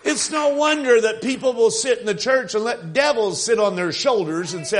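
A man's voice: sits high, moderate pace, a little hiss or hum. An older man preaching a revival sermon, swelling with fervor and acting out quoted voices.

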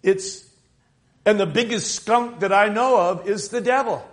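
A man with a high-pitched voice delivers a fervent sermon. He leans on key words and draws them out slowly for emphasis. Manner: fervent, emphatic, drawn-out stresses. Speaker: preacher.

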